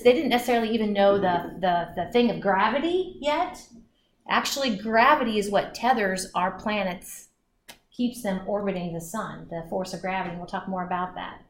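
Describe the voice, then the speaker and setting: A woman explains astronomy to her class in a fairly high voice, chatty and prone to restarting her sentences. She is picked up from a distance in an echoey classroom, with faint room noise behind her. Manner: chatty, restarts often, acts out orbits with sound effects. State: out of breath. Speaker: astronomy instructor. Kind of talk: classroom lecture. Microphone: far from the mic. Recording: echoey classroom recorded from afar.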